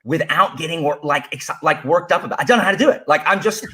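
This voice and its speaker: Excitable man with a lively voice. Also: a little high, fast, slight background noise. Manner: excitable, animated, gets worked up. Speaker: podcast guest. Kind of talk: casual chat.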